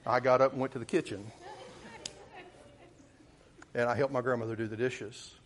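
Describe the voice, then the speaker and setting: A man tells a childhood story in the middle of a sermon. His pitch sits in the middle of a man's range, and he talks in a folksy, rambling way, restarting and correcting himself as he goes. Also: steady tone, normal speed, slight background noise. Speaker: preacher.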